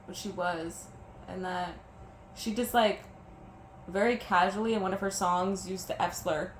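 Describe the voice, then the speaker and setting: A woman's voice: fairly low pitch, steady tone, measured pace. Teary young woman vlogging in an echoey room. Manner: emotional, talks through tears, stumbles and restarts. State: teary, sniffling. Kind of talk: personal vlog about a breakup. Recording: echoey room with faint background noise.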